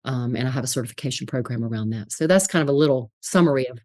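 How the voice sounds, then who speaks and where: A middle-aged woman, a spiritual psychologist, telling her story in an interview with animated, laughing delivery. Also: rumbling low, racing, dry recording, clean studio sound.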